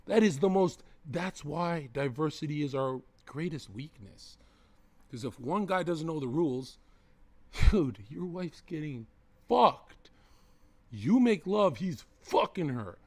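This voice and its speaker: A man's voice: a little high, expressive, slow pace, a little mellow. A young man livestreaming, talking to chat in a brash, swearing, provocative joking way. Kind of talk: casual stream chat.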